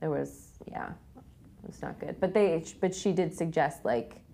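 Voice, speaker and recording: A woman telling a story in a casual chat, halting and restarting her words, swearing casually. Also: low-pitched, animated, vocal fry, dark tone.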